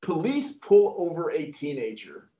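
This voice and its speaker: A man's voice: a little high, a little slow. A man telling jokes casually to program participants, laughing at his own punchlines. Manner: chuckles at his own jokes, lively delivery. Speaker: joke reader for program participants. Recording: echoey room.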